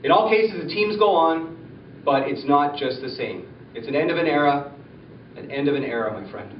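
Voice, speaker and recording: A man's voice: a little high, animated, moderate pace, slight background noise. A man giving a teasing farewell tribute to a retiring colleague. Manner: teasing, storytelling. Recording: echoey, distant, dull lo-fi.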